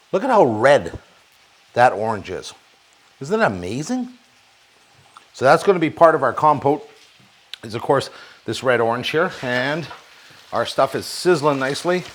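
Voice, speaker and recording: Lively, jokey man cooking at the stove. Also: medium pitch. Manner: rambling, jokey asides to the viewers. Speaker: home cooking show host. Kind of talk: casual cooking demonstration. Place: kitchen at a stove.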